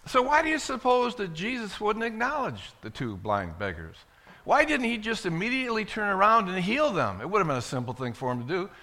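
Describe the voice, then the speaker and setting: A man preaching a sermon, retelling a Bible story with dramatic swings between loud and hushed delivery. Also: sits high, wildly swooping pitch, a little fast.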